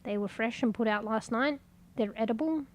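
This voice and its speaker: A woman's voice: fairly high pitch, normal speed, darkish tone, a little hiss or hum, lightly acted. Woman voicing a whiny grumbling house cat.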